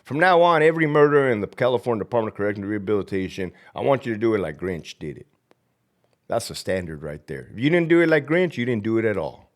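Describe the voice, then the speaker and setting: Lively-voiced man ranting profanely. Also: on the low side, fast talker. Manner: rambling, profane, heated. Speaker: former prison lieutenant, channel host. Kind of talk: profane ranting vlog with viewer shout-outs.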